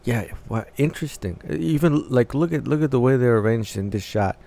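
A man's voice: mid-range voice, lively intonation, moderate pace, gravelly, warm tone. A man hosting a music reaction, casually analyzing the vocals and arrangement as he listens, often restarting phrases as he thinks aloud.

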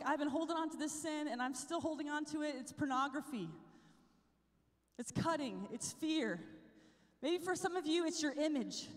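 A young woman giving an animated talk at a youth conference, telling her story, sometimes whispering and sometimes shouting. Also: high-pitched. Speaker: conference speaker. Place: large hall. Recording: long hall reverb.

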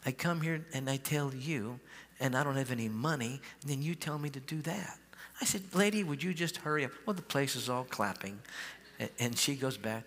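Lively man preaching in a church hall. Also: mid-range voice, normal speed. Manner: animated, acts out quoted dialogue, calls for shouts. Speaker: pastor. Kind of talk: sermon storytelling. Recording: live church hall with long reverb.

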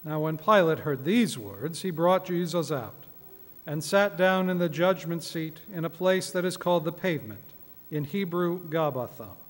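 A man reading scripture aloud at a midweek church service, measured and solemn. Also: a little high, lively intonation. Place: church sanctuary. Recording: echoey church hall.

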